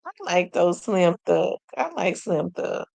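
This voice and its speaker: A woman's voice: lowish voice, big pitch swings, measured pace, vocal fry, mellow, no echo. A woman hosting a casual commentary stream, chatty, exclaiming and laughing as she talks to her viewers. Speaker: host.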